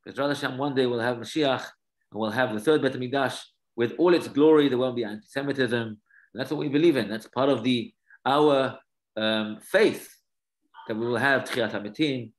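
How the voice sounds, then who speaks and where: Male teacher, study class, animated storytelling, explains terms, mid-pitched voice. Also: moderate pace, rough recording. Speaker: Torah teacher.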